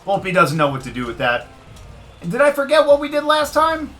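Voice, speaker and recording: Talking briskly, this gaming video creator plays a baseball video game in casual let's-play fashion. Excitable, he speaks right to the game and cheers or groans with each pitch.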